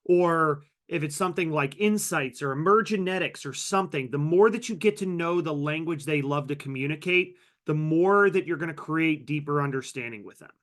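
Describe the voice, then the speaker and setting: A man's voice: on the high side, normal speed, hardly any pauses, fairly bright tone. Upbeat man leading an online training. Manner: upbeat, reads participant names from chat; conversational with personal anecdotes. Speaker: workshop trainer. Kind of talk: live online training session.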